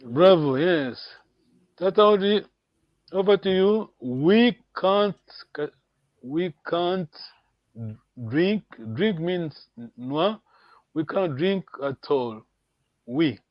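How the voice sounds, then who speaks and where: A man's voice: high voice, animated, extremely slow, pauses often, no room sound, lo-fi sound. A man teaching a language lesson over a video call, patiently prompting and encouraging his students.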